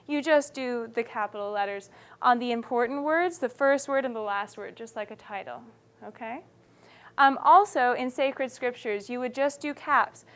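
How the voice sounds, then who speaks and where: A woman with a high voice teaches a writing class. She explains each rule step by step and keeps stopping to check that her students follow. Her delivery is animated and encouraging. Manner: animated, checks understanding often.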